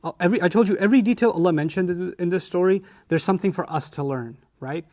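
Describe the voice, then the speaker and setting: A man teaching a Quran study lecture, animated and often acting out quoted lines. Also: sits high, quick pace.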